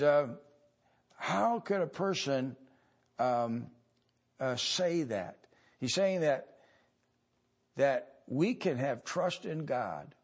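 This American pastor's voice sits on the high side as he delivers his sermon. His speech is halting, packed with fillers and frequent pauses, rising now and then into loud, emphatic passages.

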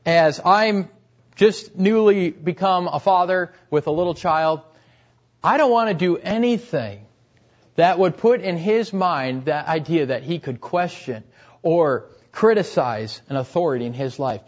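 A man's voice: on the high side, lively intonation, measured pace. A young man preaching a sermon earnestly, repeating key phrases and letting his voice drop at the end of each point. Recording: dull, lo-fi recording.

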